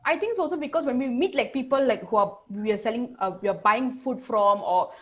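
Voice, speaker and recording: A woman's voice: a little high, fairly quick. A woman with a Singaporean English accent, hosting a casual chat, talking in a chatty way with frequent restarts and laughter.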